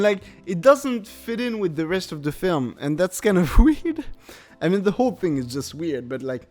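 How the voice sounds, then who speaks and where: A man's voice: a little high, a little mellow. Laughing man rambling through a film review. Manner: rambling, laughs often, lots of fillers. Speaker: podcast host. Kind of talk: casual comedic film review.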